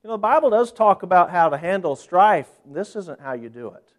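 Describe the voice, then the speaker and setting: A man preaching a sermon in a church, fervent and dramatic, with sudden loud bursts when he quotes scripture. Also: high-pitched, big pitch swings, brisk. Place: church sanctuary.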